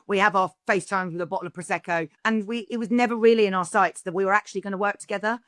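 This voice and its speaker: A woman, an actress guest, talking from her home over a video call, excitable and gushing as she tells stories. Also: medium pitch, rapid-fire, dry recording, clean studio sound. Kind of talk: chatty interview storytelling.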